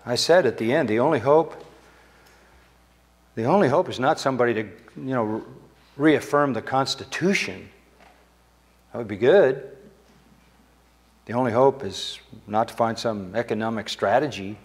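Older man, pastor, emphatic sermon, middle pitch, church sanctuary. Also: moderate pace, long pauses. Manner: emphatic preaching, rising sharply when quoting Scripture.

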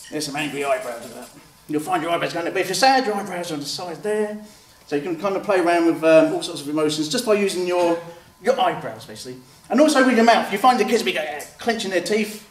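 Here the author and illustrator sounds high-pitched and animated, talking fast with few pauses. He demonstrates a drawing step by step in a chatty way and plays the part of the children answering. A far-off mic picks up roomy sound and a faint background hum.

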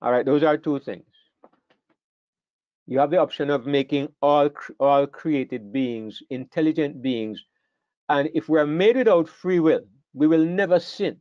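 A man's voice: fairly high pitch, unhurried, dry recording, dull audio. An older man teaches a Bible class in an earnest way, often repeating words as he thinks.

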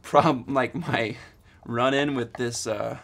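A man's voice: mid-range voice, steady tone, takes it slowly, gravelly, a bit bright, a little hiss or hum. A man in his twenties vlogging casually, rambling eagerly with lots of fillers and restarts. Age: 20s. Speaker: student vlogger. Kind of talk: casual vlog.

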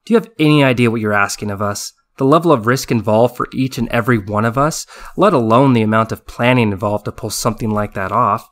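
A man voicing a sharp-tongued female army medic veteran who scolds in exasperation. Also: medium pitch, fast talker, few pauses, natural voice. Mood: scolding.

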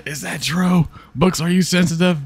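A man's voice: high-pitched, fairly even intonation, measured pace, a little hiss or hum. A tired young man commenting on his gameplay, joking, cursing and laughing often. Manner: profane, joking, laughs a lot. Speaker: gaming streamer.

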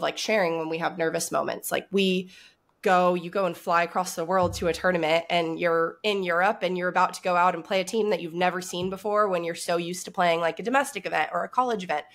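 A woman hosting a podcast, talking in a reflective and encouraging way. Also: on the low side. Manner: warm, encouraging, reflective talk. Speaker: podcast host. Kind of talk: casual podcast interview.

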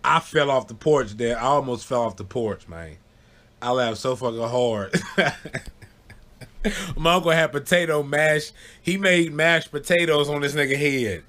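A man's voice: on the high side, normal speed, bright, forceful tone. Laid-back man rambling through a story. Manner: laid-back, rambling, peppered with "you know what I'm saying", bursts of laughter. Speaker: vlogger. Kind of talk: casual storytelling.

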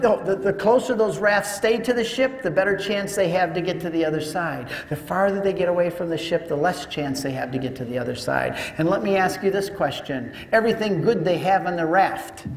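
An older man tells a lively story to an audience, his voice pitched high and bright for a man. The sound rings through a large, echoey hall with a long reverb tail. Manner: animated storyteller acting out dialogue. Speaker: speaker. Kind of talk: storytelling talk to a live audience.

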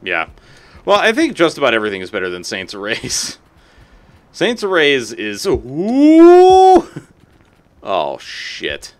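A man's voice: lowish voice, moderate pace, pauses often. A man streaming live gameplay, chatting to his viewers and to the creatures on screen, yelping and cursing when things go wrong. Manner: excitable, talks to game creatures, yelps and curses.

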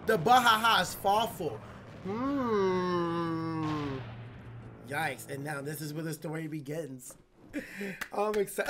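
A man hosting a let's play, chatting casually about the game, reacting loudly and reading its text aloud. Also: a little high, slow. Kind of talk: casual gameplay commentary.

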